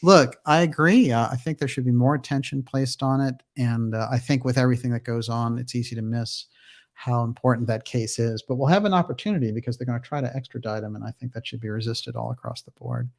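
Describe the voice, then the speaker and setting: A man's voice: mid-range voice, fast talker. A man hosting a livestream, upbeat as he reads out viewer names and comments and answers questions in casual chat. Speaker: livestream host.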